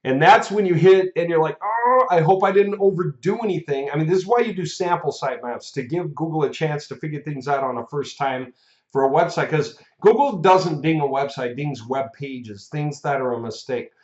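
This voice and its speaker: A man's voice: a little high, normal speed, a little mellow. A man giving a casual video update as the host of a marketing course. He has the hiccups, laughs often and rambles. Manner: chatty, laughs often, restarts and fillers. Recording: echoey room, dull lo-fi sound.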